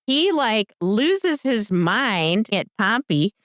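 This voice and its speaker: Her voice is a little high and she talks extremely slowly as a podcast co-host. With no echo and studio-quality sound, she chats casually through a TV episode recap, animatedly performing the characters' quotes.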